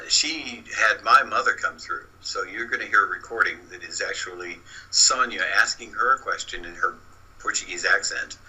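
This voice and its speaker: A man's voice: sits low, sharp tone, husky, poor audio. A man who is a guest researcher, patiently explaining in an interview and often answering with short backchannels.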